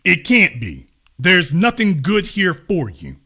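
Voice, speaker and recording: A middle-aged man delivers a live-streamed commentary monologue in a high, bright voice. His pitch swings widely as he hammers points home with preacher-like repetition and the odd curse word. The delivery is emphatic and driving. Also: huge pitch swings, slow pace, slightly rough. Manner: swears for emphasis. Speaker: host.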